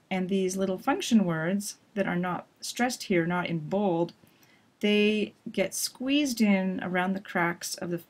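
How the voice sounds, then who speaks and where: Young female pronunciation teacher, mid-pitched, clear and deliberate delivery, models sentences slowly. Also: a little mellow. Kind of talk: recorded lesson recap.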